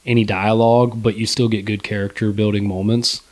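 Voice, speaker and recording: A man's voice: fairly low pitch, little pitch movement, brisk, a little mellow. A young man co-hosting a casual movie review podcast, laid-back and rambling, with lots of fillers and swearing. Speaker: podcast co-host.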